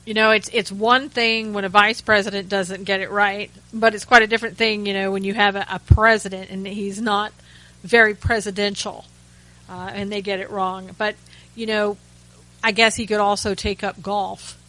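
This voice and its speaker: A woman hosts a talk radio segment in a chatty, sarcastic commentary style. Her voice is bright and forward, and she often restarts her sentences and drops in wry asides. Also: mid-range voice, level tone, normal speed, poor audio. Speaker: radio host.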